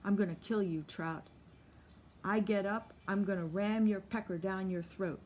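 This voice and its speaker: A woman's voice: mid-range voice, fairly even intonation, measured pace, darkish tone, a little hiss or hum, close to an everyday voice. A woman voicing a crude, volatile young man, reading his lines in a coarse tough-guy drawl for an audiobook. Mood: menacing.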